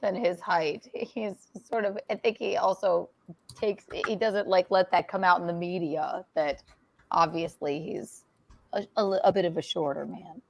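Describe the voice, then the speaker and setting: A woman's voice: on the low side, steady tone, moderate pace, creaky, highs cut off. A woman guest in casual podcast chat, speaking hesitantly and restarting her phrases.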